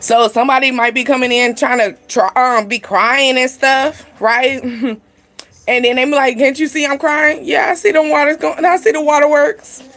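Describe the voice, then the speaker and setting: A woman's voice: high-pitched, steady tone, moderate pace, fairly bright tone. A young woman giving a casual spiritual card reading to camera, rambling and chatty, full of "like" and "you know". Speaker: tarot card reader.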